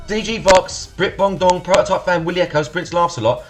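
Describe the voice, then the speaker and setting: A man's voice: high voice, steady tone, a little fast, hardly any pauses, faint music behind. A young man from Essex with an estuary accent, chatting casually and swearing as he hosts a live stream, thanking followers and laughing often. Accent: Essex estuary English. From Essex, England. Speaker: livestream host.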